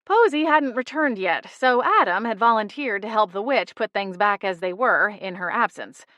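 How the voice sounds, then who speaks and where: In a dry, close-miked studio recording, a woman with a mid-range voice tells a cozy mystery in the first person. She keeps a moderate pace and a wry, lively storytelling style.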